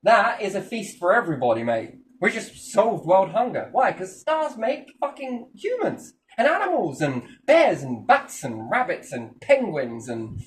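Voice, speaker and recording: Lively man talking off-mic. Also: sits high, a little slow, hardly any pauses, recorded from a distance, a little hiss or hum. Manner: animated, jumps between topics, swears freely. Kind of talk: rambling casual chat.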